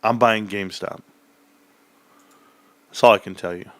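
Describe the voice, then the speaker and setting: A man's voice: on the low side, steady tone, measured pace, no echo. A man hosting a live stream, reading chat and ranting in a sarcastic, heated, emphatic way. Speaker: livestream host reading chat. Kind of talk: live-stream rant about stocks.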